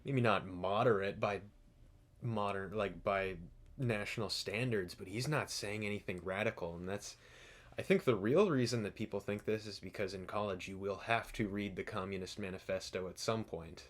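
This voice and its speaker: A man's voice: on the low side, normal speed. A young man, a university student, co-hosting a casual political podcast, hedging often and slipping into sarcastic impressions. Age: young adult. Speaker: podcast co-host.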